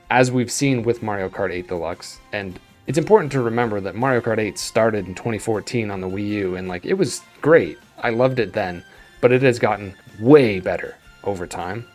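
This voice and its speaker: A young man giving casual, opinionated video game commentary, animated and acting out his own reactions. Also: medium pitch. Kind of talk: tier list commentary.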